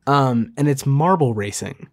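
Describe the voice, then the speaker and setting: A man hosting a casual solo podcast, rambling with many fillers and restarts, self-deprecating and talking fast. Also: medium pitch, animated. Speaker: podcast host.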